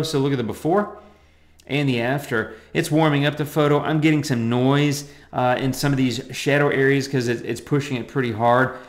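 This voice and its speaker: Chatty man teaching photo editing, echoey room. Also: medium pitch. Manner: chatty, loose, lots of fillers and asides. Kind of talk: casual screen-recorded tutorial.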